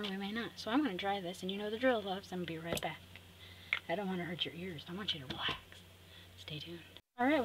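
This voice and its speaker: A woman hosting a craft tutorial, chatting to viewers and talking herself through the steps with cheerful asides. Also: medium pitch. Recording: clear background noise.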